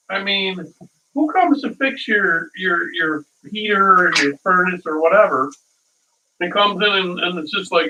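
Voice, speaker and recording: A man's voice: high voice, moderate pace, sharp tone. A man hosting a casual live cooking stream, rambling through stories and chuckling at his own dad jokes, from a distant mic.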